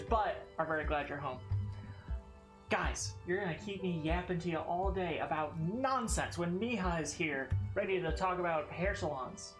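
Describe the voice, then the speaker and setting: A woman with a Southern American accent streaming a game, chatting casually with viewers, rambling, swearing and laughing often. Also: lowish voice. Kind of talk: casual gameplay stream chat. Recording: echoey room with faint music.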